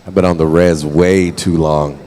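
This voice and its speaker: A man's voice: deep voice, fairly even intonation, normal speed, dark tone, rough recording. A man emceeing a pow wow, calling dancers to the arena and joking with the crowd between announcements. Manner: upbeat, joking banter with the crowd. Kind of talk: live event announcing over a PA.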